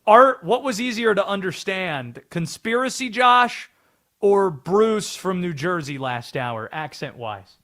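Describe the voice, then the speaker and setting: A man's voice: sits high, lively intonation, slow pace, fairly bright tone. A man from North Carolina hosting sports talk radio, chatty and wry as he explains the bit.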